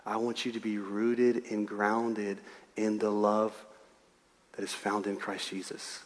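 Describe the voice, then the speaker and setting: Soft-spoken loving Jesus, low and hushed, put on by a preacher, in a reverberant hall. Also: male voice, level tone, slow pace. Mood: tender. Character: gentle tender loving male Jesus.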